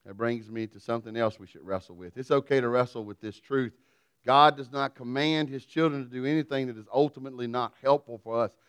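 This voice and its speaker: A middle-aged man, preaching a sermon through a folksy, self-deprecating personal story, swinging from loud to quiet. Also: medium pitch, fairly quick, clean tone, dry recording. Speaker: pastor.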